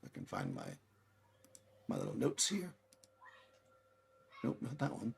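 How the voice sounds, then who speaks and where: A man's voice: on the low side, wildly swooping pitch, unhurried, vocal fry, slight background noise. A man running a tabletop game as game master, explaining rules and correcting himself as he goes.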